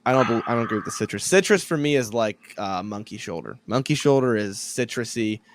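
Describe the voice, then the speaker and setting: A young man hosting a casual podcast, relaxed and chatty, laughing often. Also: on the low side, a little fast, noisy background. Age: young adult. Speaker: podcast host.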